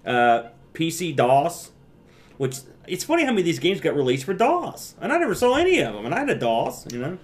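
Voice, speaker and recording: A man with a slightly higher-than-usual voice, chatting casually as a podcast co-host. He is jokey and animated and often acts out his own reactions mid-story. The talk is loose, with plenty of restarts and banter. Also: brisk. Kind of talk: casual retro gaming chat.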